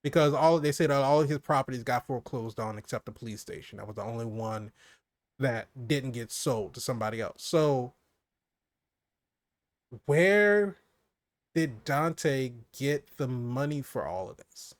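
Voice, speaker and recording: A man co-hosting a casual movie review chat, animated and laughing often, his voice dropping low for emphasis. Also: unhurried, no echo.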